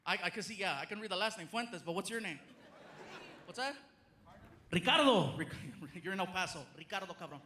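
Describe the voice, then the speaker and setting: A male stand-up comedian telling stories on stage in an animated way, acting out voices, recorded live with crowd noise. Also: high-pitched. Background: audience laughter.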